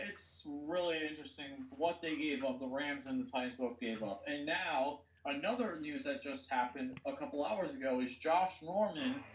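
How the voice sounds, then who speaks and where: A man hosting a casual podcast, excitedly rattling off sports news. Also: a little high, highs cut off. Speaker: podcast host. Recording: echoey room, distant mic.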